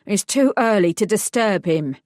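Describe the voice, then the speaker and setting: Woman doing a gruff, tired gang gatekeeper. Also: medium pitch, animated, moderate pace, a little mellow, dry recording, clean studio sound, lightly acted. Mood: curt. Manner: tired, curt, dismissive. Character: gruff weathered woman guarding a gang boss.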